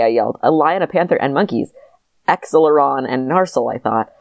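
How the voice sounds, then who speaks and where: A woman with a strikingly low voice reads an old story aloud at a brisk clip, keeping it deadpan and laughing at asides. The sound is close and dry. She trades banter with a co-host. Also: dry recording. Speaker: podcast co-host reading aloud.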